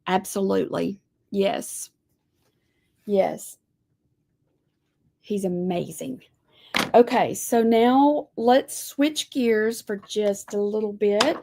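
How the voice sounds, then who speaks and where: Woman host for a live lettering lesson; gravelly, slow, friendly chatter to viewers. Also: mid-range voice, mellow. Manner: chatty, folksy, says y'all. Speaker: lettering teacher. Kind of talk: live-streamed craft lesson.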